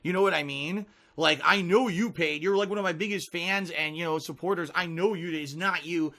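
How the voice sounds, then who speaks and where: A man's voice: fairly high pitch, fairly even intonation, fairly quick, bright, forceful tone. Heated, foul-mouthed male streamer. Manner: heated, profane ranting. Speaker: live streamer. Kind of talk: unscripted stream talk to chat.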